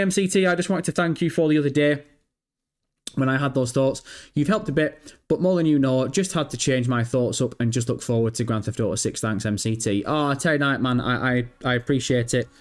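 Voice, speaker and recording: A man with a brisk, mid-range voice hosts a live stream, chatting casually and reading viewer messages aloud. His banter is self-mocking and full of swearing.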